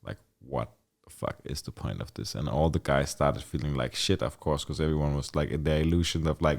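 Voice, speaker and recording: A man's voice: very deep voice, brisk, vocal fry, few pauses. A middle-aged man, a podcast guest, telling his life story in a loose, candid way, full of "like" and frequent swearing. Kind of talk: casual storytelling in a conversation.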